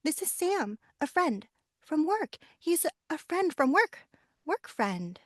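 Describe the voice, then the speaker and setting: A woman's voice: expressive, slow pace, dark tone, no room sound, studio quality. A woman voice actor playing a flustered young woman pleading with her mother, in an audiobook excerpt. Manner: urgent, pleading, higher than her own voice.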